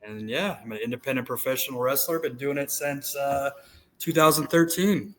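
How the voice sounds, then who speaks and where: A man's voice: medium pitch, normal speed, a bit bright, low-quality recording. Thirties man, podcast guest, loose storyteller, candid and a bit crude. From United States. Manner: candid, profane, rambling anecdotes. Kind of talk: casual storytelling chat.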